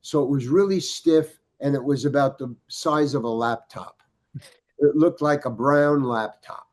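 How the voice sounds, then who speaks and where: An older man telling a story on a podcast, his speech full of stops and restarts. He slips into the voices of the people in his tale. His pitch sits in a middling range for a man. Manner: halting, many restarts, acts out quoted dialogue. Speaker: guest storyteller. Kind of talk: casual anecdote telling.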